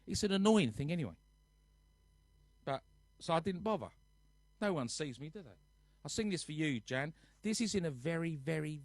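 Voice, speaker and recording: A man's voice: a little high, no room sound. A man, hosting a nightly livestream from his sofa at home, chatting casually and reading out viewers' names with jokes between them. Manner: chatty, jokey, reads out viewers' names one by one.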